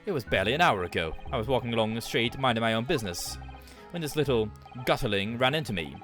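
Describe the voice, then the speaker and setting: A man voicing a haughty, pompous gentleman, speaking slowly and condescendingly. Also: mid-range voice, animated, faint music behind, close to an everyday voice. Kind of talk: reading game dialogue aloud.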